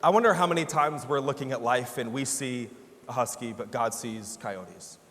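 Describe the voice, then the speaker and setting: A man preaching a sermon as pastor, telling a lively story with laughter and playful imitations. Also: medium pitch, normal speed, faint music behind. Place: church sanctuary. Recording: church hall reverb.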